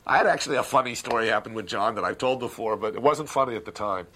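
A man in a candid interview, telling behind-the-scenes stories with animated retellings and laughter. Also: on the low side, fast, loud music behind the voice. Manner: lively storyteller, acts out voices, laughs. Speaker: filmmaker recalling a production.

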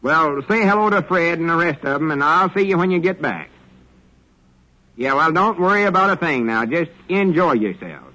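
An actor playing a folksy middle-aged country storekeeper, in an easygoing drawl, in 1940s radio acting. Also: male voice, a little high, lively intonation, moderate pace, bright, forceful tone, poor audio. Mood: cheerful.

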